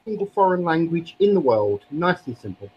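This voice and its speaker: Male guest, playful goofy delivery, slightly high and husky, dull sound. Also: sing-song, fairly quick. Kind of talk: casual chat.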